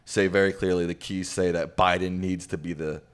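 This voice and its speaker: Deep smooth voiced guy hosting a stream, reading chat questions, laid back. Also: normal speed. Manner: casual, relaxed, with frequent fillers. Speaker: livestream host reading viewer questions. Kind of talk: casual livestream chat.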